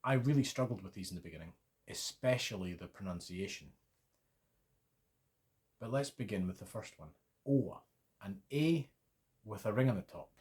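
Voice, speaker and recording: A man's voice: on the low side, animated, moderate pace, long pauses, a little mellow. A man whose first language is English teaching Swedish vowels, spelling out letters and patiently repeating sounds. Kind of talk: slow, deliberate pronunciation lesson.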